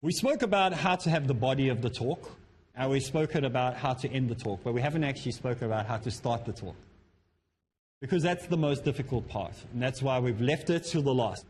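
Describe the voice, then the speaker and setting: Lively man lecturing. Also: medium pitch, a little fast, a little hiss or hum. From South Africa. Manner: lively, acts out quoted speakers, chuckles at himself. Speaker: Islamic speaker teaching public speaking. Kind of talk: lecture to students.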